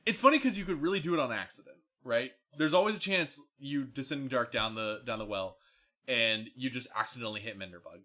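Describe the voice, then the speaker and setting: A young man co-hosting a podcast in casual chat, relaxed as he explains details and laughs easily. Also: mid-range voice, fast talker. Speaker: podcast co-host.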